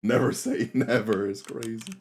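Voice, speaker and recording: A man's voice: fairly low pitch, moderate pace, a little mellow. A man streaming a game live, chatting casually with his viewers in laid-back slang and laughing often. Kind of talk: casual live-stream chat while gaming.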